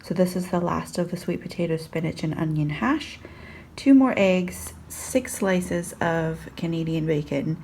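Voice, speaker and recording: Casual woman vlogger, slightly low voice, chatty and self-deprecating, filler-heavy delivery. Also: measured pace, a little mellow, a little hiss or hum. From California. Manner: chatty, self-deprecating, many ums and likes. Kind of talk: casual food diary vlog.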